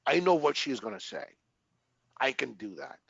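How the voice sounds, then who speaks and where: A man speaking as a guest in a casual interview, earnest and talking in short bursts that he often ends with "right?", pausing and restarting his sentences. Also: medium pitch, sing-song, gravelly, husky, no room sound, lo-fi sound.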